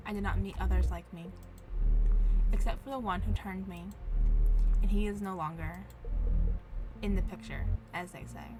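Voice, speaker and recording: A woman voicing a solemn, formal woman vampire ghost who speaks in measured, old-fashioned phrases, with game music behind. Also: mid-range voice, natural voice.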